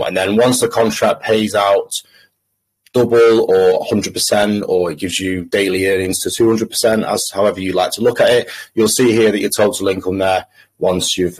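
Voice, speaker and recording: Husky Manchester man, halting sales pitch. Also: a little mellow, poor audio. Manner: hesitant, many ums and uhs, restarts. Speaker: crypto trader presenting to investors. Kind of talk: screen-share voice chat presentation.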